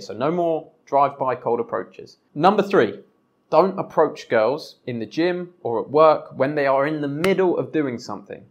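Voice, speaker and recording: A young man hosting a podcast, giving blunt dating advice in a coaching tone, with some swearing. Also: mid-range voice. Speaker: podcast host.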